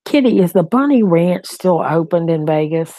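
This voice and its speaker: A middle-aged woman whose lowish voice spills out in anxious, repetitive rambling. She hosts a casual live-stream chat from home. The sound is close and dry. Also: animated, normal speed, dark tone, no room sound, poor audio. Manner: anxious, rambling, repeats herself. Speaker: host.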